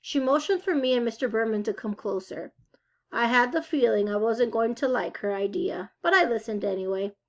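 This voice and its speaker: A woman reads a children's novel aloud, telling the story expressively. Her voice sits a touch high. The sound is somewhat muffled and dull. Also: moderate pace. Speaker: reader.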